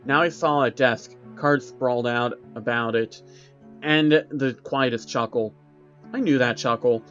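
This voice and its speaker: Male horror story narrator, dramatic and tense, mid pitch, faint music behind. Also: steady tone, a little slow, fairly bright tone. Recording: dull recording with background music.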